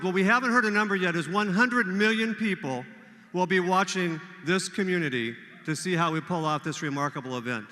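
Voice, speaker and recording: An older man, hosting a volunteer event and leading a crowd in cheers. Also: sits high. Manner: energetic, leads call-and-response cheers. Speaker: event emcee. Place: large hall with a crowd. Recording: echoey hall.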